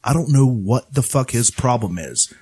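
A man's voice: medium pitch, animated, normal speed, a little mellow, breathy edge. A man co-hosting a casual comedy chat, joking, laughing often and swearing freely. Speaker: podcast co-host.

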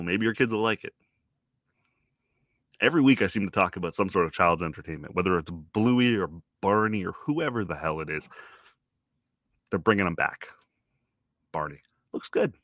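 A man's voice: sits low, fairly bright tone, no room sound, studio quality. A man from Toronto in his thirties hosting a podcast, rambling through a wry, self-deprecating monologue and swearing casually. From Toronto, Canada. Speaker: podcast host.

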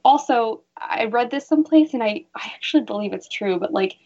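A woman's voice: fairly high pitch, expressive, brisk, darkish tone, lo-fi sound. A woman who works as a bra fitter, talking earnestly in a casual interview and telling stories with animation.

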